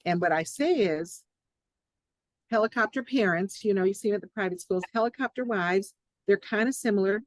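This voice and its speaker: A woman psychologist and author, a guest on a podcast interview, telling jokes and reading from her own book in a playful, animated way. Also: medium pitch, moderate pace, no room sound, rough recording.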